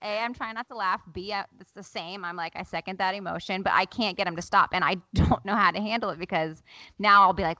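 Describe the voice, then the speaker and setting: A woman co-hosting a casual mom chat, candid and quick to swear. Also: medium pitch, bright, forceful tone, no echo. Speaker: podcast co-host. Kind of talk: casual chat among moms.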